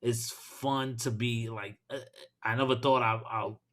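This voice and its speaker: A man from Brooklyn hosts a podcast with a mid-pitched voice. He talks in loose, profane, excitable bursts and laughs often. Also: a little slow. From Brooklyn, New York. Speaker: podcast host. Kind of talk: casual chat.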